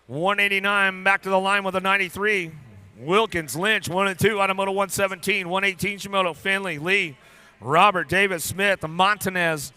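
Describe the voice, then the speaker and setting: High, bright-voiced man calling BMX races. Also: smooth. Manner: rapid-fire, playful, joking with riders and crew. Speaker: race announcer. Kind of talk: live race commentary. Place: BMX race track.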